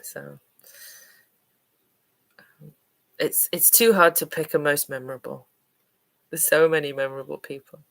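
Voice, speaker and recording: A woman's voice: deep voice, measured pace, vocal fry, long pauses. A woman from Manchester, an English teacher, chatting on a livestream Q&A in a hesitant, friendly way with lots of ums and uhs. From Manchester, England.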